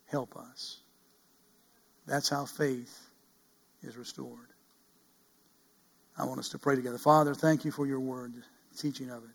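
A middle-aged man preaching a sermon as pastor, earnest, swinging from loud cries to hushed pleading. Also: medium pitch, steady tone, normal speed, gravelly, long pauses.

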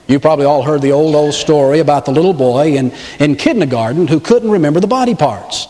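A man preaching a sermon, animated, with dramatic pauses and big swings in his voice. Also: a little high, big-room sound. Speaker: pastor.

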